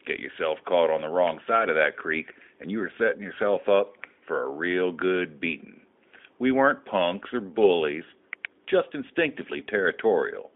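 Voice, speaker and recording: A man's voice: low-pitched, lively intonation, moderate pace. A man in his sixties reading a reflective personal memoir aloud in a plainspoken way. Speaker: story contributor. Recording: thin phone-like audio.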